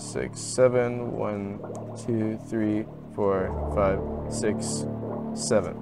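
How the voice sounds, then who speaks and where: Slow-talking man muttering through a puzzle. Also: mid-range voice, little pitch movement. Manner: mutters and counts under his breath, trailing off. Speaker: game streamer. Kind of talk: thinking aloud while playing a puzzle game. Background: game music.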